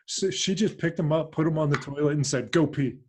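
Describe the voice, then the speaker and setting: A man with a fairly high voice hosts a casual podcast. He is chatty and joking and laughs easily while he trades stories about fatherhood. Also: brisk, background noise. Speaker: podcast host.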